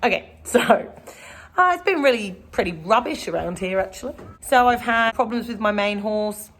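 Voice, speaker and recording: A woman's voice: fairly high pitch, animated, moderate pace, fairly bright tone, a little hiss or hum. A woman, a horse trainer, talking casually and at length to a camera outdoors in a rambling vlog. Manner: chatty and rambling.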